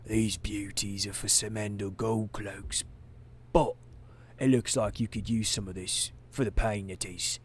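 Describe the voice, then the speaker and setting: A man voicing a sly male weasel smuggler, peddling potions in a low, hushed, conspiratorial voice while reading a video game's story text. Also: level tone, moderate pace, few pauses, breathy edge.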